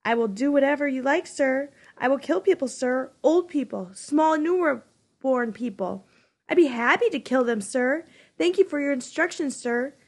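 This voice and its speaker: A woman's voice: sits high, animated, a little slow, vocal fry, pitched above the performer's own voice, heavily acted. A woman reading aloud, voicing a distraught twelve-year-old boy with a raised, heated, pleading delivery. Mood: sarcastic.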